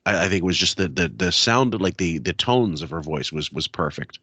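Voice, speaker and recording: A man co-hosting a podcast, talking in a halting way with many restarts. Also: deep voice, expressive, pushed and bright, breathy edge, no echo. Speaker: podcast co-host. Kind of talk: casual chat.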